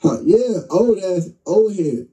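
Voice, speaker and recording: A young man telling a story with excitement, acting out what people said, in an interview clip. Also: sits high, slow, recorded from a distance, poor audio. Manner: excited, vivid, acts out quotes. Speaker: interview guest. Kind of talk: animated storytelling.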